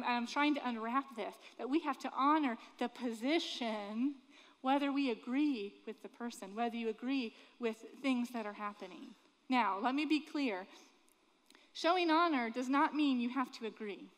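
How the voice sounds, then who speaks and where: A woman preaching a sermon in a fairly high voice, earnest and conversational, asking her listeners question after question. Her words carry a long reverb from a big hall. She grew up in Florida. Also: a bit bright.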